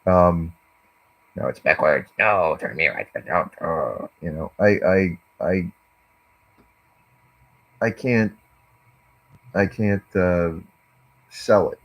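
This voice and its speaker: Slow, husky, deep-voiced man musing. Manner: meandering, hesitant, lots of fillers. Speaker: vlogger. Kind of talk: rambling monologue. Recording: dull lo-fi recording.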